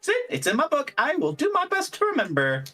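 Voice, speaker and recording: A player puts on a polite, businesslike woman adventurer who keeps calling people darling. Her voice sits high and swings up and down with a sweet, prim lilt. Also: huge pitch swings, brisk, pushed and bright, faint music behind, heavily acted.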